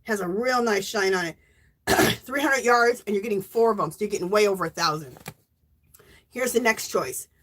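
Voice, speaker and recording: An American woman hosting a casual yarn giveaway livestream, chatty and loudly exclamatory as she talks to her viewers. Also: mid-range voice, normal speed. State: coughing and teary after choking on water. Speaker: livestream host giving away yarn.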